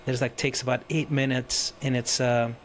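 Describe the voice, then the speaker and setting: A man of ordinary pitch chats as a podcast guest and coach. He talks eagerly and drops "like" into almost every thought. A faint hum of room sound sits behind him. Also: little pitch movement, normal speed. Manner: eager, peppered with "like" fillers. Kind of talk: casual interview chat.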